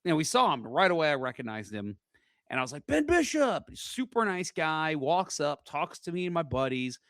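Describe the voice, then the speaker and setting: A man from St. Louis hosting a podcast in casual chat, an animated storyteller who acts out the voices he quotes. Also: a little high, normal speed, dry recording, studio quality. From St. Louis, USA. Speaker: podcast host.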